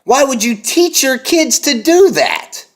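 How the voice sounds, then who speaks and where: A young man and parent delivering a heated, emphatic monologue, cursing often and slowing down to hammer his points. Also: very high voice, very animated. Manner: intense, emphatic, heavy cursing, slows to hammer key words. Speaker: vlogger and parent.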